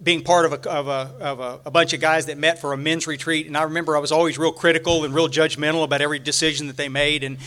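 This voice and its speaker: High-voiced folksy Texan man. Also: flat delivery, a bit bright. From Texas. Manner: halting, folksy, full of restarts and fillers. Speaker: recovery retreat speaker. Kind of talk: rambling humorous storytelling talk. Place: room at a retreat, talking to a live audience.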